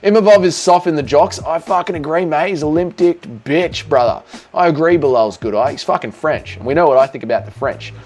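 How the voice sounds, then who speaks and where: An Australian streamer hosting a livestream Q&A reads chat crudely and casually, swearing a lot. His voice is fairly high-pitched with a darkish tone, and he talks a little fast.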